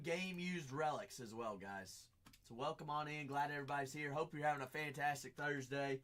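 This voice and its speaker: Bright, upbeat American man hosting. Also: a little high. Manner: upbeat hype, repeating phrases, chatting with viewers. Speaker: card break host. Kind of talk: live-stream sales patter.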